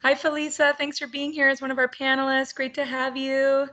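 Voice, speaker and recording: A woman's voice: sits high, monotone, brisk, pushed and bright. A woman hosting an online roundtable for teachers over a video call, upbeat and chatty with frequent laughter. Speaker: webinar host.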